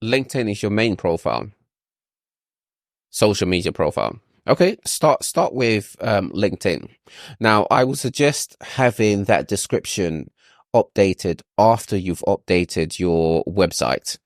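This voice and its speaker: A man's voice: lowish voice, lively intonation, unhurried, no echo, clean studio sound. A man advising a client on a video call, explaining patiently with frequent ums and restarts. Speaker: SEO consultant.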